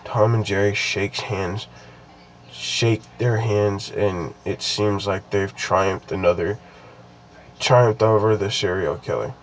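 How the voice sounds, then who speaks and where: A man's voice: on the low side, fairly even intonation, takes it slowly, a little hiss or hum, rough recording. A young man casually reading a creepypasta aloud, stopping often to ramble and restart his sentences with lots of fillers. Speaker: creepypasta reader.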